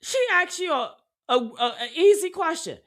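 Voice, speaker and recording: Female true crime commentator: high, bright voice, unhurried, blunt, sarcastic, swears a lot. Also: lively intonation. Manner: blunt, sarcastic, swears freely, talks straight to viewers. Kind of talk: casual video commentary.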